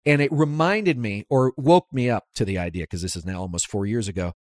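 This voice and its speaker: A man hosting a political talk podcast, speaking emphatically and climbing in pitch as he drives his points home. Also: brisk, no room sound, clean studio sound. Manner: animated, emphatic, rises sharply when making points. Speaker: podcast host. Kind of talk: conversational political interview.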